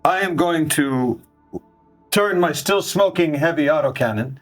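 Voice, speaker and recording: A man playing a tabletop game, describing his attack in a measured way. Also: on the high side, faint music behind. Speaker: player. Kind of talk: casual tabletop play.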